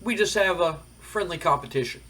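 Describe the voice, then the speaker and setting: A man voicing a jealous younger brother who wrestles, in a sarcastic, needling way, with a husky voice. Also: high voice, brisk, sharp tone, pitched above the performer's own voice.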